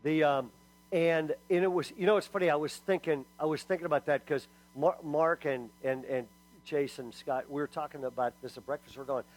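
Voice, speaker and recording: Lively storytelling male pastor, high voice. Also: fairly quick, rough recording. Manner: lively storytelling with acted quotes and asides to the crowd. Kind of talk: sermon.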